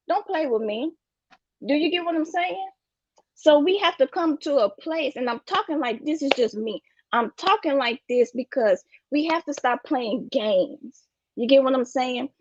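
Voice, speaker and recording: A woman's voice: sits high, a little mellow, dry recording, lo-fi sound. A woman giving an emphatic, preachy motivational talk about finances, repeating her catchphrases. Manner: preachy, repeats "you get what I'm saying". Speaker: guest speaker on finances.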